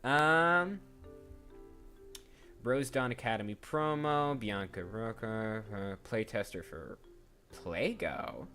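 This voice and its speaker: A man's voice: fairly low pitch, takes it slowly, pauses often, sharp tone. Chatty rambling male streamer. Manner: chatty, rambling, restarts mid-sentence while browsing. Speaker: voice actor streamer. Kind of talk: casual livestream talk, thinking aloud. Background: faint background music.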